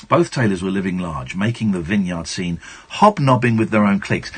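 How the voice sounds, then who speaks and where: Husky-voiced radio host, animated. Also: male voice, sits low, a little fast, hardly any pauses. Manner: reads a book aloud with playful asides and mock outbursts. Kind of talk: late-night radio reading and chat. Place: radio studio. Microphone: studio microphone.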